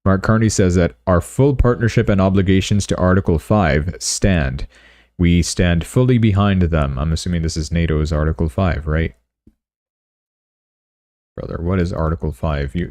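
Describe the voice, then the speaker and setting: Deep-voiced sarcastic livestreamer. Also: male voice, darkish tone, no room sound, clean studio sound. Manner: sarcastic, offhand, reads headlines then riffs. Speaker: crypto news livestream host. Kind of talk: casual live-stream commentary.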